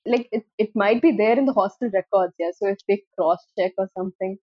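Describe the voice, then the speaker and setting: A young woman co-hosting a casual podcast, telling an animated story and laughing while quoting herself. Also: medium pitch, brisk, no echo, lo-fi sound. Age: young adult. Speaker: podcast co-host.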